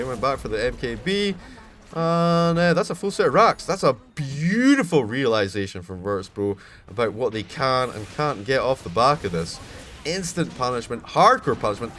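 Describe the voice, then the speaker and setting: A man's voice: mid-range voice, a little hiss or hum. Scottish man casting a live game. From Scotland. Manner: chatty, rises to excited shouts on big plays. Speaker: esports caster.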